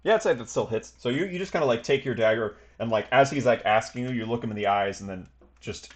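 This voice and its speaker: A man's voice: medium pitch, fast. Rambling game master, man. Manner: rambling, full of hedges and fillers. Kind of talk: narrating a tabletop game.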